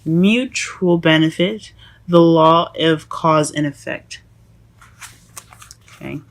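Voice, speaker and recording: A woman giving a casual tarot reading to her viewers, halting and self-correcting as she goes, often calling them "guys". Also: sits low, creaky. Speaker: tarot reader.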